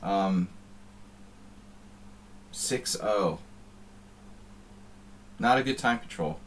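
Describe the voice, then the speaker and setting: Deep-voiced man chatting offhand. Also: very slow, fairly bright tone, slight background noise. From United States. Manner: rambling, offhand and wry. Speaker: chess streamer. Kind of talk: casual chat while playing online chess.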